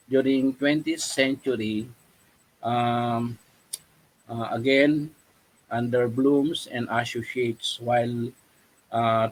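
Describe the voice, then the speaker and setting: Slow halting man presenting a lecture. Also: mid-range voice, low-quality recording. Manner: slow, halting delivery with many fillers and tag questions. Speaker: webinar presenter. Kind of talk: online lecture. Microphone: video call.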